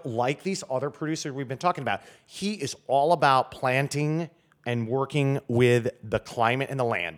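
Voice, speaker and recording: A man who is a guest wine expert, talking in a casual podcast chat and telling stories in a rambling way with many fillers. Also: medium pitch. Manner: rambling, lots of fillers and restarts, storytelling.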